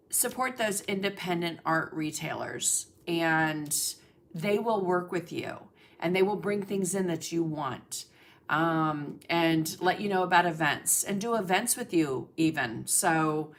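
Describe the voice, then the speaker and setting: A woman's voice: lowish voice, bright, forceful tone. A middle-aged woman hosting a casual art livestream, chatting and greeting viewers by name with lots of fillers. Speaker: livestream host, art instructor.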